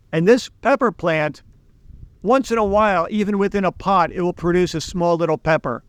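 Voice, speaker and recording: A man's voice: high-pitched, no room sound. A middle-aged man from the United States, giving a casual economics lesson in a conversational, storytelling way. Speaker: economics teacher.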